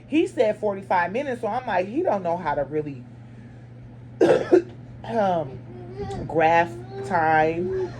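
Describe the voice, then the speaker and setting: A chatty woman at a middle pitch tells a story straight to her viewers, blunt and lively. She breaks into other voices with sudden jumps in pitch. A faint hum sits under her voice. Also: takes it slowly, long pauses. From lives in Arizona. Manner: animated, acts out dialogue with sharp pitch jumps. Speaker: storyteller and mother. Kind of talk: casual storytime to camera.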